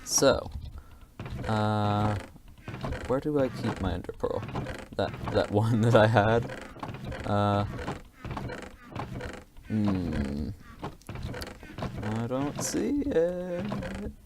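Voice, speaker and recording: A man's voice: fairly low pitch, drawn-out words, pauses often, background noise. A man giving casual, rambling gameplay commentary, hesitant and self-deprecating, with many fillers.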